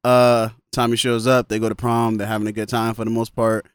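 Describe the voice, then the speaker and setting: A man's voice: mid-range voice, flat delivery, fairly quick, clear, resonant tone, dry recording. A man casually recapping a film on a podcast, laughing often and quoting the characters as he goes. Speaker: podcast co-host. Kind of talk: casual movie recap chat.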